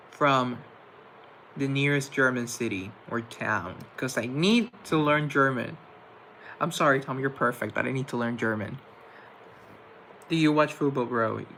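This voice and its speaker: Young male streamer, mid-pitched and a bit gravelly, chatty and campy as he reads out viewer comments. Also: slow pace, long pauses, pushed and bright, a little hiss or hum, low-quality recording. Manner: chatty, playful and campy, with pet names for viewers. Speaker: livestream host. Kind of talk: casual chat reading viewer comments.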